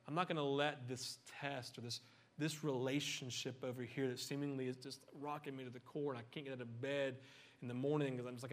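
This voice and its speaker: Middle-aged male pastor, lively casual sermon delivery with humorous asides. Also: mid-range voice. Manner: animated, conversational, joking asides.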